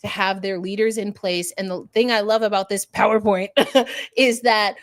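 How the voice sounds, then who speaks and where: A woman from New York City co-hosting a live sports podcast, chatty and animated, with nerdy asides and quick self-corrections. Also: mid-range voice. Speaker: podcast co-host. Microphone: remote streaming setup.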